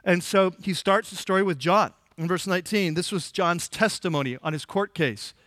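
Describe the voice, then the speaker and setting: A man's voice: high voice, moderate pace, fairly bright tone, dry recording, clean studio sound. A man preaching an expository sermon, retelling scripture in a conversational, everyday way. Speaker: pastor.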